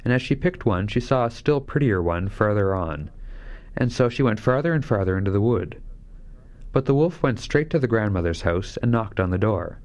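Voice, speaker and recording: Low-voiced man reading a fairy tale. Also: expressive, moderate pace, a little mellow. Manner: shifts voice lightly for each character. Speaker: narrator.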